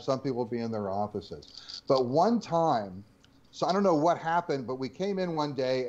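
A man in his sixties from New Jersey tells stories as a guest, animated and joking, building up to punchlines. His voice is of middling pitch. The audio is a little dull and lo-fi. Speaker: guest, former game designer. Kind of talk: storytelling interview.

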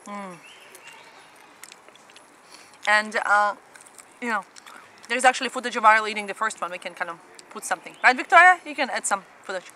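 A woman's voice: mid-range voice, quick pace, pushed and bright, rough recording. A woman hosting a casual family eating show, chatting enthusiastically between bites with lots of mm-hmms, sitting on the ground outdoors at a festival. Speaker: family channel host. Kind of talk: casual mukbang eating chat. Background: faint festival noise.

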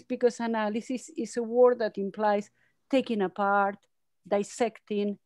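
A woman psychoanalyst giving an academic lecture over a video call, reading from a script in an earnest, measured way and stressing key words. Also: medium pitch, a little mellow, dry recording, clean studio sound.

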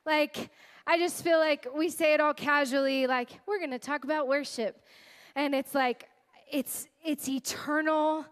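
A woman's voice: high-pitched, steady tone, a little slow. A woman worship leader giving a sermon and leading prayer, earnest and tearful, talking in a chatty way with many fillers. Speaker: guest speaker and worship leader.

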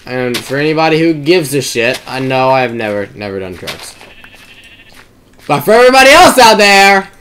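A man's voice: mid-range voice, big pitch swings, normal speed, a little hiss or hum. Hyper young man rambling over gameplay. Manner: hyper, shouty outbursts, swearing, rambling. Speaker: gamer. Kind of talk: casual gameplay commentary.

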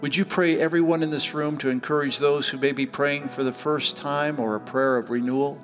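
A middle-aged man preaching a sermon as pastor, telling stories with lively acted-out voices. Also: a little high, brisk. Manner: animated storytelling, acting out voices. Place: church hall. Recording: church hall reverb with faint music.

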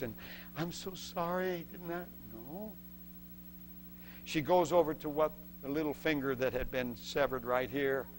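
A man preaching a sermon as a testimony, telling a story with lively acted-out voices and laughs between points. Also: medium pitch, background noise. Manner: acts out voices in the story and shouts the excited parts.

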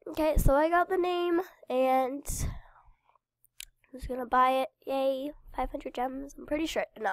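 A game channel host, congested with a head cold, rambles cheerfully through casual gameplay commentary, chatting to her viewers. Her fairly high voice picks up a gravelly fry at phrase ends. The recording is dry and close, with no room sound at all.

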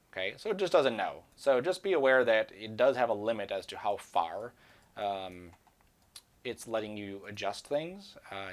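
A man giving a screen-recorded software tutorial, talking casually and rambling to himself as he works. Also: lowish voice. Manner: casual, rambling, talks to himself while working. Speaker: 3D software instructor.

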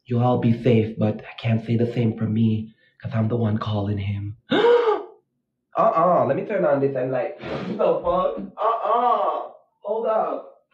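Speaking at a measured pace in a medium pitch, this livestream host broadcasts casually at night from a dim room in his house. His phone leans against a mirror as he talks dramatically and nervously, gushing at his audience, all captured in dull, echoey lo-fi phone sound.

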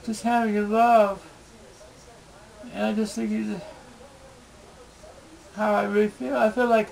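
Man, home video diary, halting and pleading, high gravelly voice. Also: flat delivery, a little mellow, low-quality recording. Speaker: video blogger. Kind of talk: emotional personal video diary.

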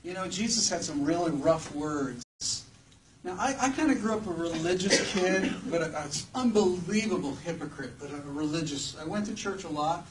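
High-voiced man preaching from a distance. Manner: conversational and joking, questions the audience. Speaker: preacher at a campus ministry gathering. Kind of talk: sermon. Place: church hall with a live audience. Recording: distant mic with faint background noise.

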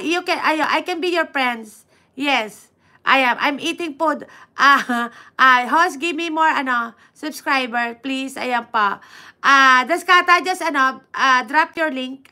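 A woman with a Filipino accent hosting a casual livestream, reading viewer comments aloud and answering them in halting English mixed with Tagalog, with many fillers. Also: sits high, sharp tone. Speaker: livestream host.

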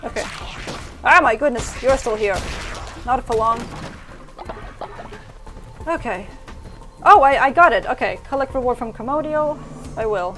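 A woman streaming a video game live, reacting loudly and often while she plays. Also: on the high side, unhurried, pauses often. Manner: excitable, frequent exclamations while playing. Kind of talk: live gameplay commentary. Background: game music.

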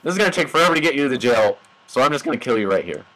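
A man's voice: mid-range voice, expressive, very fast, a bit bright, poor audio. A young man giving goofy, mock-dramatic commentary over his own gameplay, talking to the animals on screen.

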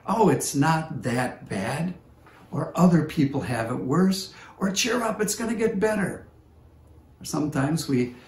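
A man's voice: mid-range voice, a little mellow. A man preaching a sermon as pastor, telling a story unhurriedly and voicing the people in it. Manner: unhurried storytelling with quoted voices. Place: church service recording. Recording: roomy echo with faint background noise.

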